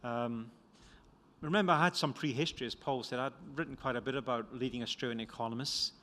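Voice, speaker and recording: Recorded in a reverberant lecture hall with a little hiss or hum, this older man talks quickly in a mid-range voice that sounds pushed and bright. He's an economist from Scotland, with a Scottish accent, giving a conference talk on his book, wandering, self-mocking, and often restarting.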